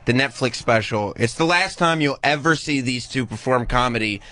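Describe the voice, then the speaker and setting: A man's voice: mid-range voice, normal speed, pushed and bright, no room sound. A man co-hosting a talk show, chiming in with teasing, sarcastic remarks. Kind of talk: casual chat.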